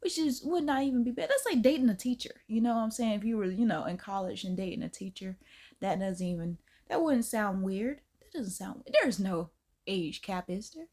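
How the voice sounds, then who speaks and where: A woman's voice: medium pitch, a little fast, a little mellow. A woman hosting a reaction video, chatting casually and exclaiming often.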